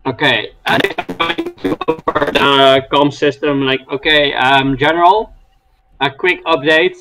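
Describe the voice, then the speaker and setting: A man's voice: on the high side, a little slow, over music, poor audio. A man playing a tabletop role-playing game over an online voice call, talking hesitantly with many fillers. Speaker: player. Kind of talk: casual tabletop game chat.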